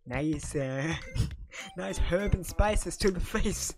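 Woman host, casual let's-play commentary, lowish voice with a lively swing, excitable. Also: extremely slow, pauses often, faint music behind. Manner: excitable, swears, blurts out reactions. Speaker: gaming channel host.

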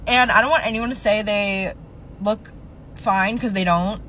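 A woman's voice: mid-range voice, measured pace, a bit bright, slight background noise, low-quality recording. A woman telling a casual story in a rambling, filler-heavy, upset way from inside a car.

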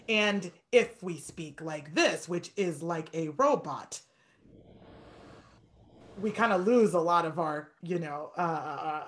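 Animated fast-talking woman piano teacher. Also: fairly low pitch. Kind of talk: online masterclass teaching.

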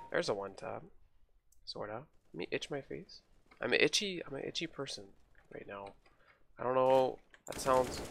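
A man's voice: mid-range voice, creaky, background noise. A man hosting a gaming video, joking and trash-talking in casual commentary while he plays. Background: game gunfire and keyboard clicks.

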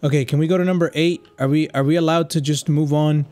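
A man's voice: on the high side, steady tone, quick pace, a little mellow, faint music behind. A man giving rambling, nervous commentary while playing a horror game, breaking into nervous laughs. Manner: jittery, rambling nervous chatter. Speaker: gamer.

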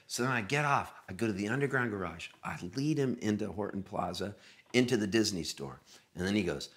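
A man telling a funny story as a guest, animated and often laughing. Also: fairly low pitch, brisk. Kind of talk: casual storytelling.

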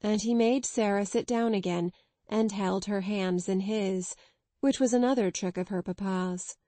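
A woman narrating a classic children's novel in an even, clear storytelling read. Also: medium pitch, measured pace, dry recording. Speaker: audiobook narrator. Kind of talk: scripted narration.

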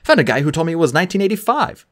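Animated audiobook narrator. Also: mid-range voice, very fast. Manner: animated, voices every character. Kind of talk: first-person novel reading.

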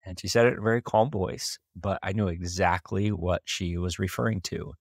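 A man's voice: low-pitched, normal speed, no room sound, clean studio sound. A man from small-town Idaho, hosting a podcast and earnestly retelling a personal story with occasional chuckles. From small-town Idaho, USA. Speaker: podcast host.

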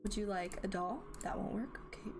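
A woman's voice: mid-range voice, a little fast, background noise. A woman commenting as she plays a video game, chatty and thinking aloud. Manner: chatty, thinking aloud, reacting with gasps and laughs. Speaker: gameplay commentator. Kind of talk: let's play commentary. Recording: game music playing behind.

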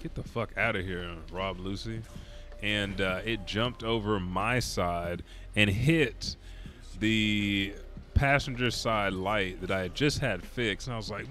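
A man's voice: lowish voice, unhurried, pushed and bright, faint music behind. Tired, profane, rambling young man. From Oklahoma, US. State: tired from staying up all night. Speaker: gaming streamer. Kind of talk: casual storytelling while playing.

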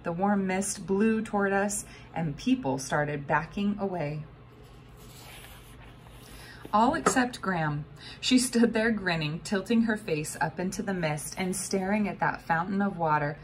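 A woman narrating a children's novel aloud with expressive storytelling. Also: mid-range voice, normal speed, a little hiss or hum. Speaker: audiobook narrator. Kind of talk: scripted narration.

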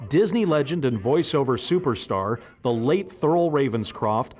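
A man giving scripted documentary narration in an even, informative way. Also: medium pitch, a little slow, faint music behind.

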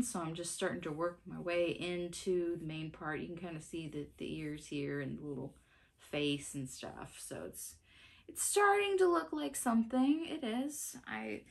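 Casual vlogger woman, 30s, lower voice with a bouncy, expressive pitch, chatty and giggly. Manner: chatty, laughs often, restarts sentences. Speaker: cross-stitch vlogger. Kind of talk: casual chat.

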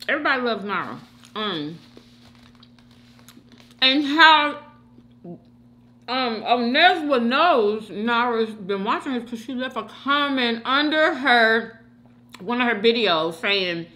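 Lively, bright-voiced woman hosting a mukbang. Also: on the high side, takes it slowly, pauses often. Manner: chatty, opinionated, talks straight to viewers. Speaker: mukbang host. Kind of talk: casual chat while eating.

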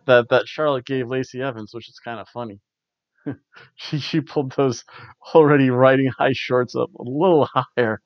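A man's voice: medium pitch, dry recording, dull audio. A man hosting a casual wrestling review, rambling offhand with ums and restarts. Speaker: wrestling reviewer, show host. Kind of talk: casual spoken show recap. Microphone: camera recording at home.

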